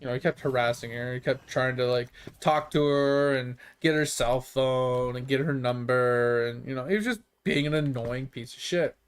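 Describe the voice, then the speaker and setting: A young adult man who streams games, telling profane, animated stories in casual chat. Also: mid-range voice, normal speed, hardly any pauses, clear, resonant tone. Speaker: gaming streamer. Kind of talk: casual storytelling.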